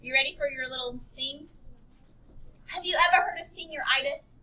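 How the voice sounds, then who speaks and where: Female teacher, high bright voice, brisk and affectionate, says honey to students. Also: very animated, low-quality recording. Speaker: chemistry teacher. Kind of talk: classroom teaching. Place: classroom.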